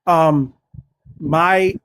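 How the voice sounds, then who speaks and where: A man's voice: on the high side, steady tone, extremely slow, a bit bright, clear, resonant tone. A man from North Philadelphia with a Philadelphia accent, a caller in a heated live-stream debate whose voice rises when he gets passionate.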